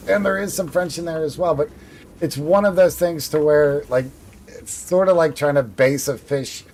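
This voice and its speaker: A man's voice: medium pitch, slight background noise. A man casually chatting and rambling while livestreaming a video game, laughing now and then. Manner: rambling, easygoing, laughs often. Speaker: game streamer.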